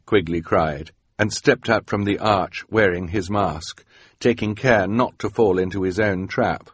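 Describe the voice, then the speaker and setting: A man narrating a storybook in a wry, expressive way. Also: low voice, unhurried, husky, no echo. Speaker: audiobook narrator.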